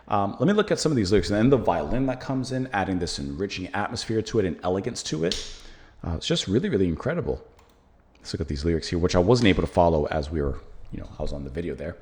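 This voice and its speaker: American man, casual music reaction host, lowish voice, lively swooping intonation, thinks aloud with fillers. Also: fast.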